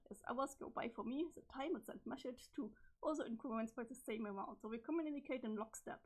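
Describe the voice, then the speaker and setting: A woman reading the part of a calm, cryptic teenage boy from the future in a webcomic, in a flat, measured delivery with a strained voice. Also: on the high side, breathy edge. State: strained, failing voice. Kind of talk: reading a webcomic's chat logs aloud.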